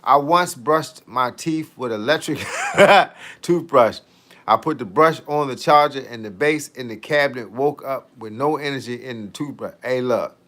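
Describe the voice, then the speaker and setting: A man's voice: mid-range voice, measured pace, a bit bright. A man, a fitness coach, chatting casually on a live stream, joking in heavy slang and reading out viewer comments.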